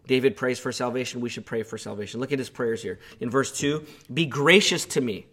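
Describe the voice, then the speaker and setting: A man's voice: mid-range voice, steady tone, fast. A male pastor preaching an earnest sermon, growing impassioned as he voices the psalmist's pleas.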